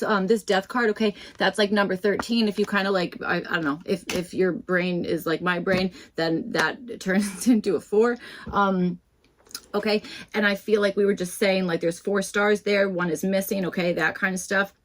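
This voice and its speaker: Chatty rambling woman reading tarot. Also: mid-range voice. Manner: rambling, many fillers and restarts; chatty and self-deprecating. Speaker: tarot reader. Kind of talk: casual tarot reading to camera.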